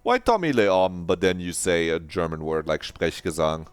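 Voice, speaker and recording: A man's voice: sits low, expressive, moderate pace, smooth, no room sound. A man streaming a video game, chatting playfully in a rambling, mock-dramatic way and swearing now and then. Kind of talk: casual live-stream commentary.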